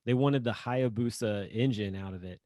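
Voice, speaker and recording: A man's voice: lowish voice, normal speed, warm tone, dry recording, dull audio. A man from Northern Indiana co-hosting a podcast in casual chat. He is laid-back, laughs easily and rambles with fillers. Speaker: podcast co-host. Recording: dry close sound.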